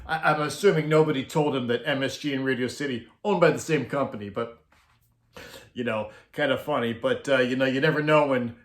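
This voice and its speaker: A man's voice: medium pitch, a little fast. Man telling a backstage story, roomy. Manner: laughs often while telling. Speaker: former concert sound crew member. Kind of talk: casual storytelling.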